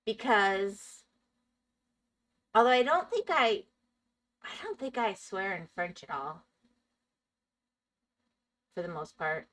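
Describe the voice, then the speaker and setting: Her voice sits in the mid range, fairly bright and expressive, delivered slowly with long pauses. She's a Minecraft streamer laughing frequently as she chats casually with viewers during play.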